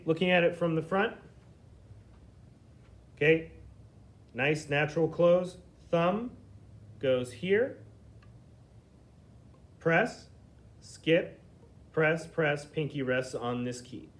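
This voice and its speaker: Male flute teacher, slightly higher voice, patient and methodical, checks in a lot. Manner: patient, explains slowly, checks in with frequent "okay?". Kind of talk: step-by-step instrument lesson.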